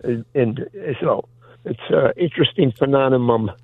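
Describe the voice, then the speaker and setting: An older man from Ohio calling in to a radio show, rambling and halting, often clearing his throat. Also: medium pitch, no room sound. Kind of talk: casual chat over the phone. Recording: tinny phone line.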